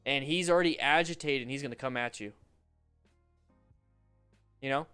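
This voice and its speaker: A man coaching motorcycle riders over a livestream, commenting on riding videos in an animated, joking, rambling way with restarts. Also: mid-range voice, moderate pace, clear, resonant tone, soft background music.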